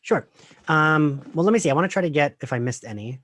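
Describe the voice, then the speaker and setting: A man co-hosting a podcast in casual chat, playful and chatty with quick interjections. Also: on the high side, animated, a bit bright, no room sound. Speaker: podcast co-host.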